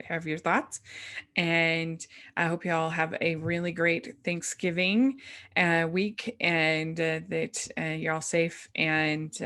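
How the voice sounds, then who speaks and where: A woman hosts a casual film review podcast. Her voice sits a little low, and she talks in a relaxed, halting way, with lots of fillers and restarts. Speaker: podcast host.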